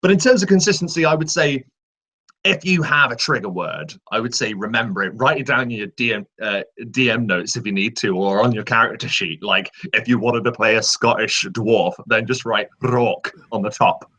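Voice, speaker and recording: A man's voice: mid-range voice, expressive, a little fast, pushed and bright. A man who guests as a voice actor on a casual panel, explaining his approach patiently and giving examples.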